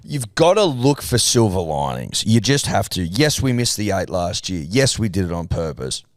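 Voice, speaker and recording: A laddish man co-hosts a sports podcast in a mock-earnest, sweary way. His voice is low and sits close to a dry studio mic. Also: big pitch swings, moderate pace, no room sound. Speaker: podcast co-host. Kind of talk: casual chat.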